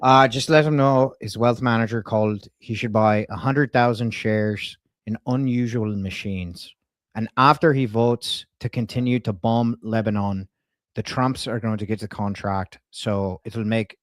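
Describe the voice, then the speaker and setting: A man voicing a polite, folksy Irish male wealth manager on a prank call, speaking in a calm, courteous, unhurried way with an Irish accent. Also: lowish voice, dry recording, clean studio sound, lightly acted.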